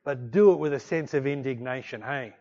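A man preaching a sermon, exhorting with repeated refrains and swinging between loud bursts and hushed passages. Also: mid-range voice, brisk, dull audio. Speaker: pastor.

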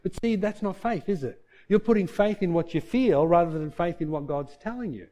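Delivering his sermon briskly and expressively, a male pastor poses questions to the congregation and supplies the answers himself. His voice softens and lowers whenever he reaches a heartfelt point.

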